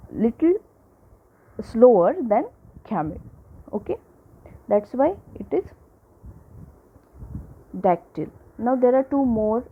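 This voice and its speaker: A woman teacher lectures at an unhurried, deliberate pace, repeating each point and checking in with the class as she goes. Her voice sits at an ordinary middle pitch. The recording is thin and narrow, like audio heard over a phone line. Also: husky. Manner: slow, repetitive explaining with frequent "okay" and "right".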